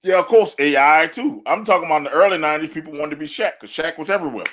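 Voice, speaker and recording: A man co-hosting a sports podcast, talking in animated, laughing banter and trash talk. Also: on the high side, racing. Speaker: podcast co-host.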